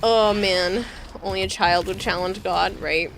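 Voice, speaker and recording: A woman streaming a game, chatting casually and telling animated stories with lots of laughter. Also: medium pitch, measured pace, creaky, slight background noise. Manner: giggly, animated storyteller. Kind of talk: casual chat while gaming.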